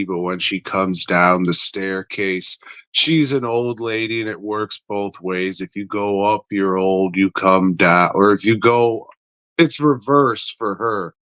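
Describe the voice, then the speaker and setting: A man's voice: fairly low pitch, pushed and bright, clear, resonant tone, no echo. A man hosting a podcast, rambling through a casual and profane episode review.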